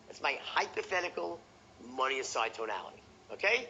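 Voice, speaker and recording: A man teaching a sales seminar in an animated way, showing different tones with his voice and checking in with the audience. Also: fairly high pitch, quick pace, gravelly, dull audio, slight background noise. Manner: talks to the audience directly, asks okay and right. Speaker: sales trainer.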